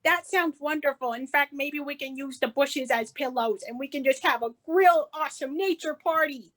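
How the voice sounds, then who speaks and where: A woman's voice: sits high, moderate pace, a bit bright. A woman playing a sweet rambling activist. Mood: earnest. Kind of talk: improv comedy scene.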